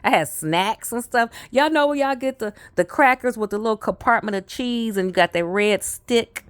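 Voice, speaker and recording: A woman telling a personal story in a casual, animated way, often repeating phrases for effect. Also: fairly high pitch, moderate pace, smooth, dry recording. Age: adult.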